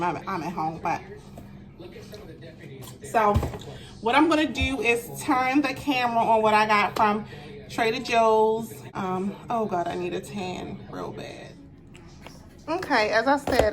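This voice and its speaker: A woman talking casually through a grocery haul at home, chatty, repeating herself and quick to get annoyed. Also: medium pitch, a bit bright. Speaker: vlogger.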